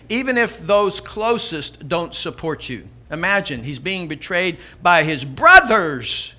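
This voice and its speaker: An older man preaching a sermon in a church, energetic and emphatic, mixing exhortation with storytelling. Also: a little high. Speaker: pastor.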